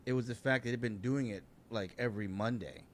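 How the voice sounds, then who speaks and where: A man's voice: mid-range voice, fairly quick, a little hiss or hum. A middle-aged man, a guest comedian, telling rambling and profane anecdotes in a casual podcast chat.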